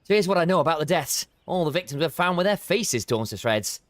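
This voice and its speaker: A man's voice: fairly high pitch, lively intonation, fairly quick, no room sound, pitched above the performer's own voice, natural voice. Earnest young investigator woman, read by a man. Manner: reads quest dialogue aloud.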